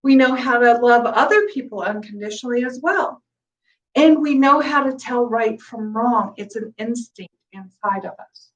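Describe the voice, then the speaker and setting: A woman with a high voice teaches meditation in a gentle, conversational way, stopping to rephrase now and then. She sits somewhat back from the microphone, so her voice sounds a little distant. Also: animated, moderate pace, highs cut off. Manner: gentle, conversational, with soft laughs and restarts.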